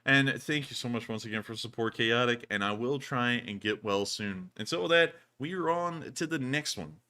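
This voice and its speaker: A man with a drawl chats casually on a livestream. His voice is bright and forceful even though he is sick. He keeps looping back to the same folksy thank-yous. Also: medium pitch, moderate pace. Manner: drawling, folksy, repeats thank-you phrases. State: sick, feeling unwell. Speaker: livestream host.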